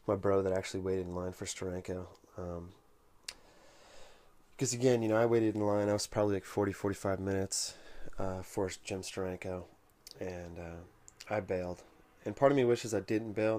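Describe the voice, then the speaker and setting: Flat-voiced man telling a casual anecdote. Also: deep voice. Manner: unhurried, conversational storytelling. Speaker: comic collector vlogger.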